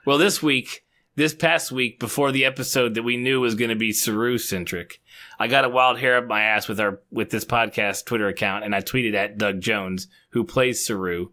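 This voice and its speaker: A man's voice: medium pitch, fairly even intonation, normal speed, pushed and bright. A man in his thirties co-hosting a podcast, chatting offhand and swearing casually. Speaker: podcast co-host. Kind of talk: casual chat.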